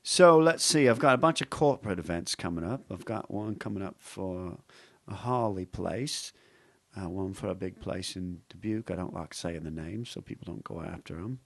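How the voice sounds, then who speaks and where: A man's voice: sits low, normal speed, fairly bright tone, no echo. A man, a comedian guest on a podcast, chatting casually and joking, slipping into impressions. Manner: joking, playful, slips into impressions.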